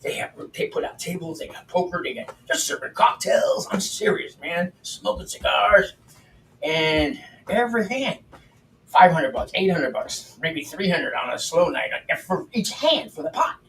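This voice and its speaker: A man's voice: sits high, very animated, moderate pace, fairly bright tone, distant mic. An older man hosting a livestream, telling stories in a blunt, profane, chatty way while cooking in his home kitchen. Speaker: livestream host. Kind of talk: casual storytelling while cooking. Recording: roomy, off-mic with faint background noise.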